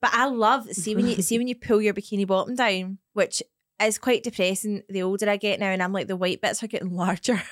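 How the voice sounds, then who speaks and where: A woman's voice: mid-range voice, steady tone, a little fast, dry recording, studio quality. Teasing woman in casual chat. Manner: chatty, teasing. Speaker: podcast co-host.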